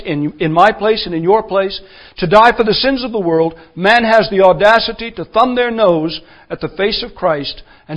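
A man delivers a sermon in a high-pitched voice, pushing his points with forceful, rising emphasis. The recording is dull and muffled, like an old lo-fi church tape. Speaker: preacher.

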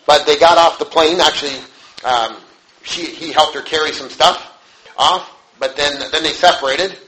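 Brief: male pastor, fairly high voice, storytelling sermon, halting and conversational, faint background noise. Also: sharp tone. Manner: conversational, halting, with restarts and rhetorical questions. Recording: echoey room, faint noise.

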